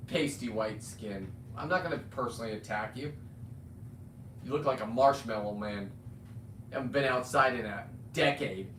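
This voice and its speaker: A man's voice: medium pitch, fairly bright tone. Middle-aged male streamer, blunt, rambling, off-mic in an echoey room. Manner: blunt, rambling, swears and restarts. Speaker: livestream host. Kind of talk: ranting livestream monologue. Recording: roomy sound, distant mic, faint ambient noise.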